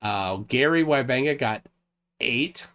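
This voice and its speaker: A man's voice: mid-range voice, expressive, takes it slowly, bright, forceful tone. A man hosting a casual livestream call, reading out lists of nominations with frequent restarts. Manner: rambling, restarts, reads out lists. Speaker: livestream host.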